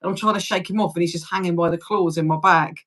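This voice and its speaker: A woman's voice: fairly low pitch, steady tone, fast talker, a bit bright. Chatty British woman in her forties. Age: 40s. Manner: chatty, laughs often, swears casually. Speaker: livestream host. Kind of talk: casual livestream chat.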